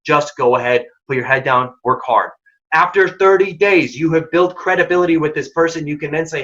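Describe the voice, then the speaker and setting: Workshop speaker: man with a bright, slightly high voice, punchy and direct coaching, dull lo-fi recording. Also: brisk. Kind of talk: career advice workshop talk.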